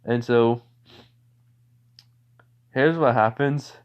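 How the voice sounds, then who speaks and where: A man's voice: medium pitch, very slow, clean tone. A young man casually retelling a fan story, rambling with many restarts, in a dull lo-fi recording. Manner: rambling, many fillers and restarts, laughs often.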